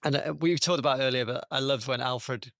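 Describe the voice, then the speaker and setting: A man's voice: medium pitch, brisk, fairly bright tone, no echo, clean studio sound. A man on a film podcast panel, enthusiastically sharing favorite moments and laughing as he talks. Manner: enthusiastic, laughs mid-sentence. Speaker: podcast co-host. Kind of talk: casual film-review chat.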